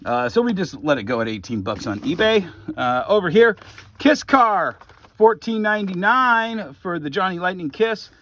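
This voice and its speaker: A man's voice: sits high, big pitch swings, moderate pace, a bit bright, a little hiss or hum. A man running a comic shop, casually walking through his merchandise and reading off prices with offhand jokes and asides. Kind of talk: casual store walkthrough video.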